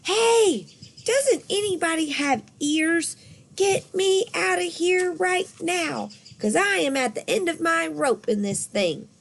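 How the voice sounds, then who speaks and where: A woman voicing a spunky, excitable little girl in a storybook reading, squealy and a bit whiny. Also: extremely high pitch, slow, creaky, slight background noise, pitched above the performer's own voice, heavily acted. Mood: fed up.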